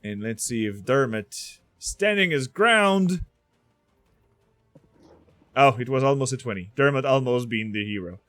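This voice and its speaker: A man's voice: medium pitch, lively intonation, measured pace, pauses often, a bit bright, dry recording. A man narrating a tabletop game as game master, laughing and hesitant with fillers.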